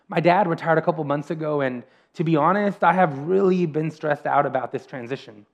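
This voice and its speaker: A male pastor delivers a sermon in an earnest voice that sits a little high. He slows down and repeats key phrases for emphasis. The recording sounds dull and lo-fi.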